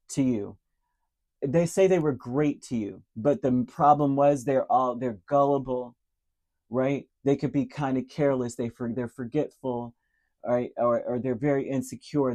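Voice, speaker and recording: Male tarot reader, mellow and dark in tone, emotionally earnest, speaks directly to the listener, repeats key words. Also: mid-range voice. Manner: repeats key words, many fillers and restarts. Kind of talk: direct-to-camera tarot reading.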